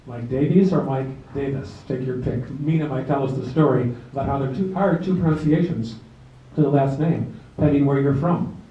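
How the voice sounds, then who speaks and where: A man leading a memorial gathering, speaking in a relaxed, folksy way with light jokes and fillers, addressing a seated crowd in a club hall. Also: mid-range voice, normal speed, hardly any pauses. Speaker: officiant of a memorial service. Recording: roomy, distant, dull amateur video.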